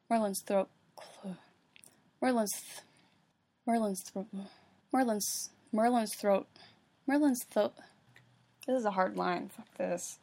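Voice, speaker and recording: A woman's voice: mid-range voice, slow, gravelly, long pauses, mellow, slight background noise. A woman at home reading a fan story aloud into her computer, stumbling over words, swearing and laughing at herself. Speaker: reader. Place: at home alone. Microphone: computer microphone.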